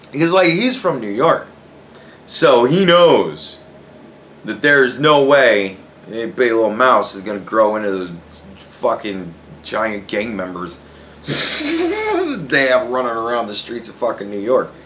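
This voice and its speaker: A man's voice: mid-range voice, slow, slight background noise. A man casually telling a funny story from work, swearing often and breaking into laughter as he goes. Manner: profane, animated, laughing a lot while telling. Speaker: podcast host.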